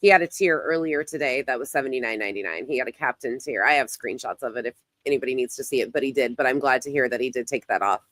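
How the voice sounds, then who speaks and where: A woman's voice: very deep voice, fast talker, few pauses, fairly bright tone, no echo. A woman hosting a casual livestream who talks bluntly, swears and greets her chat by name, and she is losing her voice. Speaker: livestream host.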